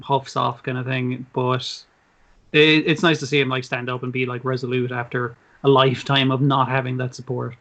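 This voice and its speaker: A man co-hosting a casual podcast chat, animated and swearing freely as he acts out quotes. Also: mid-range voice, normal speed. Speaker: podcast co-host. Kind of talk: casual chat recapping anime. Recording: muffled lo-fi audio.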